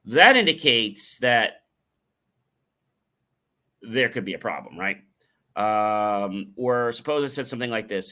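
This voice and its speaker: A middle-aged man hosting a motivational talk show, energetic, often repeating phrases for emphasis and acting out example tones of voice. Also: mid-range voice, takes it slowly, pauses often. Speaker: show host.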